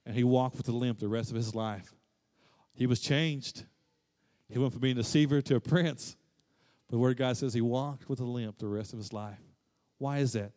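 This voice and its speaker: Preaching man with surging loud swells. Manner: preaching with big swings from loud and high to quiet and low; repeats phrases for emphasis. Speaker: pastor. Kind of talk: sermon.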